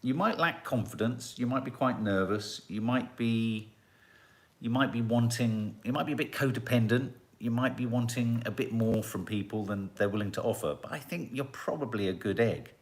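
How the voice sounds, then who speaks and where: A man's voice: medium pitch, moderate pace. A middle-aged man, hosting a casual live chat and musing as he reads out viewer comments.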